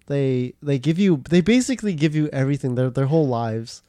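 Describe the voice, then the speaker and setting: A young man rambles through casual podcast chat at a middle pitch, circling back with fillers and false starts. His voice is recorded close and dry, with no room around it. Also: lively intonation, a little fast, mellow, no room sound. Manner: rambling, filler-heavy, many restarts. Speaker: podcast co-host.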